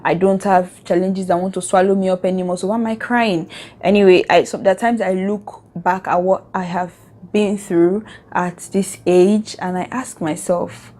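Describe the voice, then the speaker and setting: A woman's voice: medium pitch, steady tone, a little fast, dark tone. A young woman from Nigeria with a Nigerian accent, talking in a casual, earnest and heartfelt reflective vlog. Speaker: vlogger.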